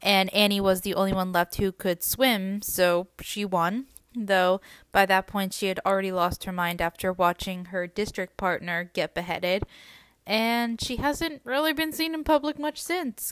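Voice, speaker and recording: Woman doing a casual book recap podcast, lots of ums, smooth crisp voice, dry close sound. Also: medium pitch, a little slow, fairly bright tone, no echo. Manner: chatty, many ums and uhs. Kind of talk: casual book recap with read-aloud passages.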